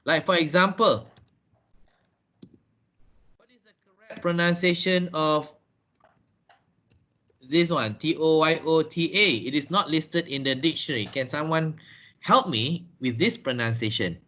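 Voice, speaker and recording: A man teaching online. He speaks slowly in a bright, forceful, fairly high voice. He checks in with his class often and stumbles over repeated words, over a video call. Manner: slow and deliberate, checks in with "yeah?" and "right?". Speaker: English teacher. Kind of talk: online English lesson.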